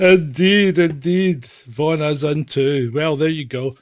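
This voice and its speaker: A man hosts a comedic livestream from his webcam, ribbing his co-host and greeting the chat. His voice sits fairly high for a man, and his delivery is playful, broken up by laughter. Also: slow pace. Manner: teasing, laughs often.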